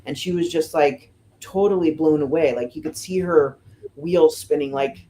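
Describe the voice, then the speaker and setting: A middle-aged woman from the United States, a fire lieutenant, telling stories casually in an interview, with lots of "you know" and "um" and lively voices for the people she quotes. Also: deep voice, normal speed, a little hiss or hum. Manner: chatty, fills with "you know" and "um", animated retelling of quotes. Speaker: firefighter lieutenant and guest.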